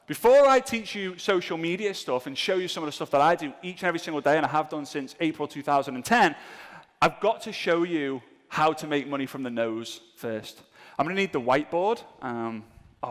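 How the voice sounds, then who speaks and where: Male seminar speaker, jokey and self-mocking, animated delivery, reverberant venue. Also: fairly high pitch, fairly quick. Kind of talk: comedic live seminar talk. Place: event room with a live audience.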